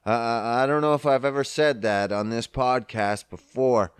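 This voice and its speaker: A man's voice: mid-range voice, steady tone, normal speed, hardly any pauses, clean tone, dry recording, studio quality. A man hosting a solo podcast, ranting in a sarcastic, profane, exasperated way. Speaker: podcast host. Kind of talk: casual solo podcast rant.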